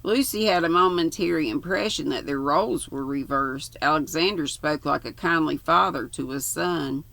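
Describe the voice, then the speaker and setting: An older woman with a gravelly, bright edge to her voice reads a mystery novel aloud. She drops in folksy, chatty asides between passages. The sound is dry and close. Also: sits low, moderate pace, dry recording. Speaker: audiobook reader.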